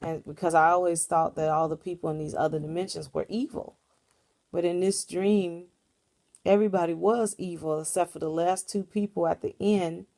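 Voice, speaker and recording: A woman's voice: on the low side, fairly even intonation, normal speed, mellow. A woman vlogger casually recounting a dream in a rambling, earnest storytelling way.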